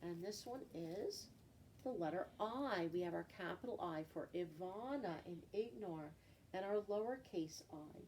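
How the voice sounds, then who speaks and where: A woman teaching a children's phonics lesson, slowly and patiently naming letters and stretching out example words. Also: on the low side, lively intonation, a little mellow. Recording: voice from a distance, faint background noise.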